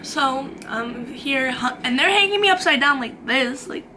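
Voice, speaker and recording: Young woman, bright and high, dramatic storytime delivery into a camera mic, faint hiss behind. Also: lively intonation, moderate pace. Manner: chatty and dramatic, acts out quotes. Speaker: vlogger. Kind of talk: storytime vlog. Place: her own room.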